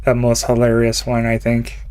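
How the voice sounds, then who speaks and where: A man's voice: medium pitch, completely flat delivery, moderate pace, darkish tone, smooth. A young man from Canada chatting casually and rambling while he streams a game, laughing often. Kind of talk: casual chat while gaming.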